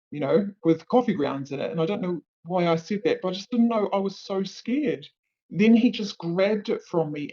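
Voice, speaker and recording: A woman telling her own story as an interview guest, speaking haltingly and searching for her words. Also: lowish voice, warm tone. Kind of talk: personal account in an interview. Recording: dull lo-fi recording.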